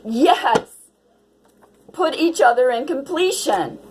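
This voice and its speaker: A woman's voice: sits high, animated, slow, a little mellow, slight background noise, poor audio. A woman giving a casual tarot reading to her viewers, dreamy and exclamatory. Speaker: tarot reader.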